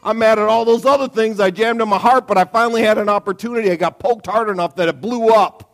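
A man preaching a sermon, joking with the congregation and breaking into sudden loud outbursts. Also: high-pitched, quick pace. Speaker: pastor. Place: church.

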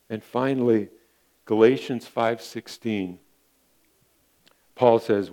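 A man's voice: lowish voice, steady tone, slow, pauses often, warm tone. A male pastor preaching a sermon in an earnest, repetitive way, often calling his listeners friends.

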